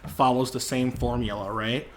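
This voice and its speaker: A man's voice: mid-range voice, fairly even intonation, moderate pace, slight background noise. A young man co-hosting a podcast, telling jokey rambling stories in casual chat. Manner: joking, rambling storyteller. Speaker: podcast co-host.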